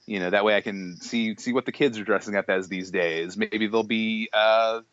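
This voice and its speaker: A man's voice: fairly low pitch, moderate pace, no room sound, highs cut off. Young man telling a rambling story. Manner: animated storyteller, many restarts, acts out quotes. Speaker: podcast co-host. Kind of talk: casual chat.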